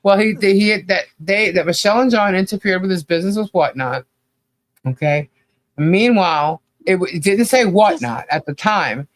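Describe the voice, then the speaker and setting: A man's voice: sits high, moderate pace, dry recording. A man co-hosting a podcast, delivering critical commentary in a rambling, blunt rant full of "you know" and casual swearing. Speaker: podcast co-host.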